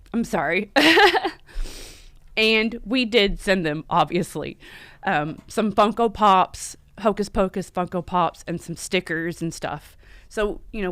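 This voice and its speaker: A woman's voice: mid-range voice, a bit bright, smooth, no echo. Chatty woman hosting a live stream. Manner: chatty, rambling with many fillers and self-corrections. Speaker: livestream host. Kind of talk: casual live-stream chat. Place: home in Las Vegas.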